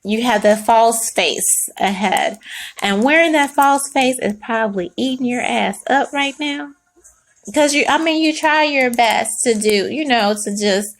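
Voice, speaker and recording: A woman giving a casual spoken tarot reading, chatty and animated, swearing freely and laughing often. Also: fairly high pitch. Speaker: tarot reader.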